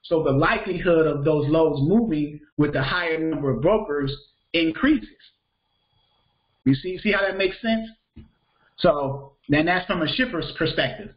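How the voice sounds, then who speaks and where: At an unhurried pace, a man with a fairly high pitch instructs a live freight broker class over dull audio. He talks casually, circles back over the same phrases, and asks students if they're following.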